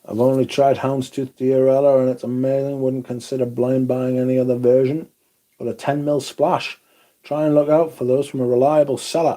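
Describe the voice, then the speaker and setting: A man's voice: mid-range voice, little pitch movement, normal speed, mellow. Casual, chatty man hosting a livestream. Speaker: livestream host. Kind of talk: casual livestream chat, reading out viewer comments.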